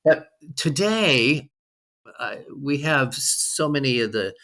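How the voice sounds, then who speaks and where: A man's voice: mid-range voice, lively intonation, slow pace, fairly bright tone. A man in his sixties, a guest on an interview podcast, speaking reflectively with frequent ums. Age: 60s. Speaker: guest, fundraising leader.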